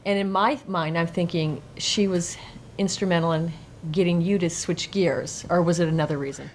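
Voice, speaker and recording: A woman's voice: fairly low pitch, steady tone, moderate pace, a little hiss or hum. A woman interviewing a guest, asking curious, prompting questions. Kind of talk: casual interview.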